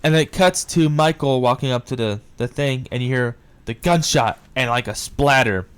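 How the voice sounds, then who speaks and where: Excitable man recapping a movie, smooth voice. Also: mid-range voice, moderate pace. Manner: excitable retelling, swears often. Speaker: movie reviewer. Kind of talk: casual film review recap.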